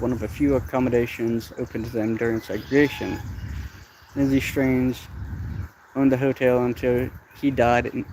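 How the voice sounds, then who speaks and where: A man's voice: medium pitch, darkish tone, low-quality recording. A man on a casual live-stream walking tour outdoors near a river, chatting and reading historical plaques aloud. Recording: outdoor noise behind the voice. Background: river and birds.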